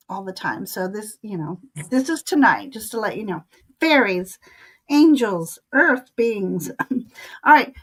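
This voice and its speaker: A woman co-hosting a live stream, giving casual oracle card readings in a hesitant way with frequent ums and soft laughs. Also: fairly high pitch, rough recording.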